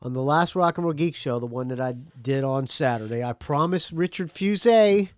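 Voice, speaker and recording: Male podcast host, offhand rambling, very lively pitch, dry close sound. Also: normal speed, no room sound. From United States. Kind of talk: casual solo podcast talk.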